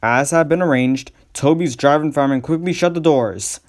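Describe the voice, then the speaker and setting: A man narrates a storybook in a measured, steady manner. His voice sits a little higher than most men's.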